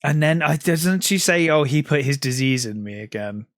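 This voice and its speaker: A man's voice: fairly high pitch, animated, moderate pace, a bit bright, dry recording, clean studio sound. A man co-hosting a film podcast, retelling scenes in a casual chat with lots of ums and acted-out quotes. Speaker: podcast co-host.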